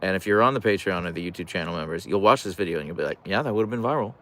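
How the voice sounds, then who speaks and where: Talking rapid-fire in a low, expressive, fairly bright voice, a dog-owning streamer hosts a casual livestream from his home couch. He's chatty and jokey, reading viewer comments aloud as he goes.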